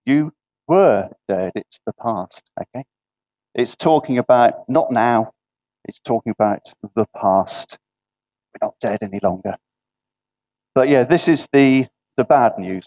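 A man's voice: mid-range voice, a little mellow. A man preaching an interactive sermon in a church gathering. He keeps asking the listeners questions and checks in with repeated "yeah". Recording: dull lo-fi recording.

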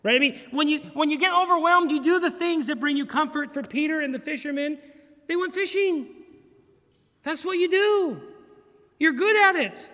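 High, bright-voiced male pastor preaching. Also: moderate pace, long reverb tail. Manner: animated and humorous, acting out dialogue. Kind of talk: sermon. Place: church sanctuary.

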